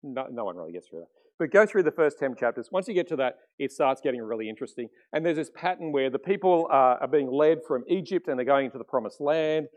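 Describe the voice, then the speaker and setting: A middle-aged man preaching a sermon as pastor, conversational and animated, often acting out quotes. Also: medium pitch, fast talker.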